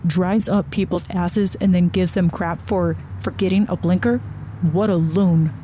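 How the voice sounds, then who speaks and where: A woman's voice: fairly low pitch, steady tone, unhurried, dark tone, a little hiss or hum, lightly acted. A woman voicing a rude, foul-mouthed young man behind the wheel who talks in a crude, dismissive way. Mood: scornful.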